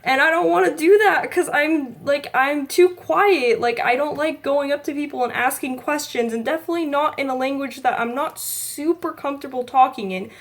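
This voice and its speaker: A woman's voice: high-pitched, normal speed, few pauses. A woman, chatting casually to camera in a rambling vlog full of likes and ums. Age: 20s. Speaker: vlogger.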